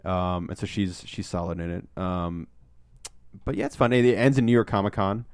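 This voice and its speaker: A man's voice: deep voice, moderate pace, darkish tone, clear, resonant tone, no echo, clean studio sound. A man casually chatting as a podcast co-host, rambling with lots of ums and acting out movie lines. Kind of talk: casual chat, movie review.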